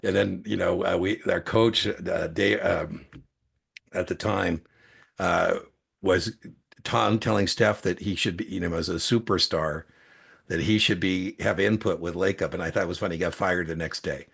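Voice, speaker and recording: A man's voice: low voice, steady tone, moderate pace, creaky, a bit bright, slightly rough. A middle-aged man telling long, rambling anecdotes in casual chat, with many restarts and fillers. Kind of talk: casual storytelling.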